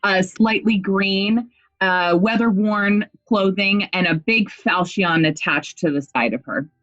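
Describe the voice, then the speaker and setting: A woman's voice: mid-range voice, a little slow, fairly bright tone, no room sound, muffled recording. A woman playing a tabletop game, describing her character cheerfully with many hesitations. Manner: cheerful, hesitant, filler-heavy. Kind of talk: in-character role-play chat.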